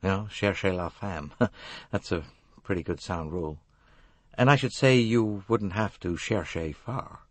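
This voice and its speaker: A man voicing an older American businessman, folksy and halting, confiding in a mournful tone. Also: deep voice, no echo. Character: grieving older American businessman, smooth and evasive.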